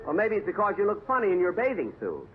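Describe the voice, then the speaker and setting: An actor playing an exasperated, wisecracking comedian who talks in a dry, sarcastic deadpan on an old radio comedy broadcast. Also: male voice, high-pitched, quick pace, a little hiss or hum. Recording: tinny old radio broadcast with studio audience.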